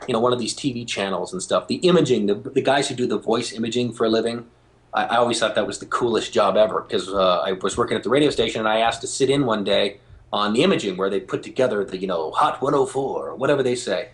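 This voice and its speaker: A man being interviewed as a guest, telling stories in an animated way and acting out the voices of people he quotes. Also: on the low side, quick pace. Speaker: guest, game show host. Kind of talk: phone interview, storytelling.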